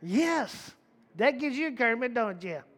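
A man preaches a casual, folksy sermon in a high-pitched voice. He talks emphatically, repeats key phrases for effect and often restarts his sentences. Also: very animated, normal speed, a bit bright. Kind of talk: conversational sermon.

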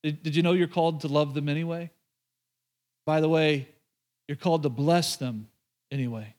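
High-voiced joking pastor preaching. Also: male voice. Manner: lively and joking, with quick asides to the congregation. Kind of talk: sermon. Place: church before a live congregation.

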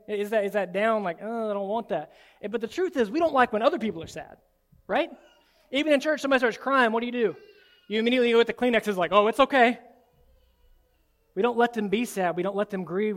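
Pastor, male, higher-pitched, animated sermon delivery. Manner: animated, swings from soft and low to loud and high. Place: church sanctuary.

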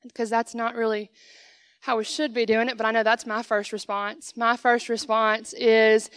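A woman's voice: a little high, little pitch movement, moderate pace, a bit bright, smooth, dry recording. A young woman giving a conversational sermon as a guest speaker in church, acting out little dialogues with God. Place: church sanctuary.

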